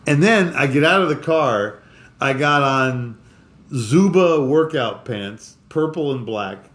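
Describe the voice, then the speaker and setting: A man of middle pitch co-hosts a casual podcast and tells a long story. He rambles, stops and restarts often, and lets his sentences trail off. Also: animated, fairly bright tone. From Florida. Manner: rambling, halting with many restarts. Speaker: podcast co-host.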